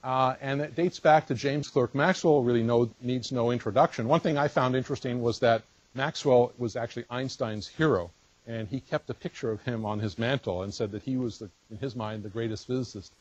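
Man giving a physics lecture, husky, dull sound. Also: mid-range voice, brisk, no echo. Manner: explanatory, thinks aloud with fillers and restarts. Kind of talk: university colloquium lecture.

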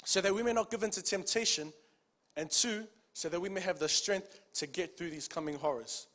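A man with a high-pitched voice preaches a sermon. He reads scripture aloud, slows down on the key lines, and keeps calling out to the congregation with "amen" and "church.". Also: fairly bright tone.

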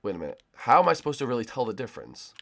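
A young man hosting a Minecraft hide-and-seek video, giving excitable, jokey commentary to his friends and viewers. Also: mid-range voice, very fast, gravelly. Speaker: gaming channel host. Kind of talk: live Minecraft gameplay commentary.

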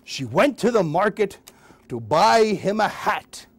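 Male kids' puppeteer, playful sing-song rhymes, high lively voice, unhurried. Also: breathy edge, dry recording. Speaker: children's puppeteer. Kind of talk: children's rhyme storytelling. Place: hospital closed-circuit TV studio.

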